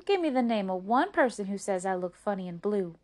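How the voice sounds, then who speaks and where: A woman's voice: mid-range voice, expressive, brisk, darkish tone, lightly acted. Rose, a woman voicing a teasing storybook sister.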